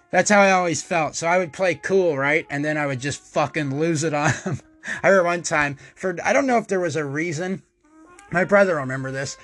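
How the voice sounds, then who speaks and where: High-voiced profane storytelling man. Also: fairly quick, soft background music. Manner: profane, animated, acts out quotes loudly. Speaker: podcast host. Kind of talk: casual storytelling monologue.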